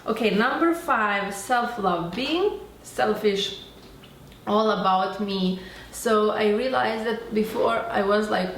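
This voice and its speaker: A chatty beauty and self-help vlogger talks to the camera from her Florida home in a roomy space. Her medium-pitched voice is unhurried, enthusiastic and rambling, and she acts out quoted dialogue. The recording has a roomy echo and faint background noise.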